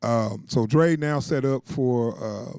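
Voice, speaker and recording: A man's voice: medium pitch, slow, darkish tone, clean tone, dry recording, studio quality. A man giving a casual, loose recap of a TV episode, chuckling often and leaning on filler words. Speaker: TV show reviewer.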